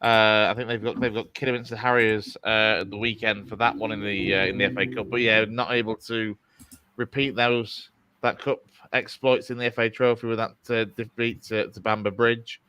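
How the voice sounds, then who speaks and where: A man's voice: fairly low pitch, level tone, bright, forceful tone. A man with a Yorkshire accent co-hosting a football show, talking over results with many fillers. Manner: halting, many fillers and restarts. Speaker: co-host pundit. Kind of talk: casual football chat.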